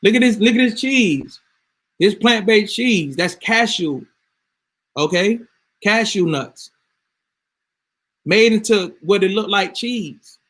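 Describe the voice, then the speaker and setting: Emphatic guy ranting casual to camera, kinda high voice, swears a lot. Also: animated, takes it slowly, pauses often. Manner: emphatic, swears freely, rising to yelling. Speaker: vlogger.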